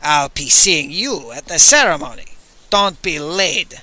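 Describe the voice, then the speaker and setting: A booming, hot-tempered alien priest-king, played by a man shouts orders in a high, sharply bright voice that swings up and down wildly. He bellows every line with overbearing rage. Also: big pitch swings, measured pace, exaggerated voice. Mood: blustering. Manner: bellowing, roaring commands.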